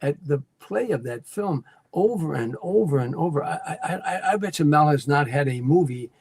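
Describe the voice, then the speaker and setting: A man's voice: fairly high pitch, lively intonation, normal speed, darkish tone, husky. An older man, a guest comedian, telling show-business stories and acting out what people said. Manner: storyteller who acts out quoted lines. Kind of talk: casual anecdote telling.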